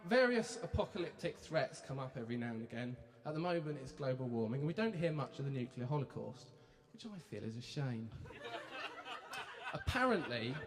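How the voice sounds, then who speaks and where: A man's voice: mid-range voice, background noise. A man performing a live comic poetry set, with dry, wry banter between poems. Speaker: performance poet. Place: live venue stage. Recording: echoey hall with crowd laughter.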